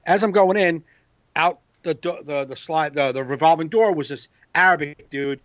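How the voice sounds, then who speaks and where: A man, a comedian hosting a podcast, telling a profane, animated story in casual banter. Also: on the high side, normal speed, no echo, muffled recording. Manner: animated storyteller, profane, acts out quoted voices.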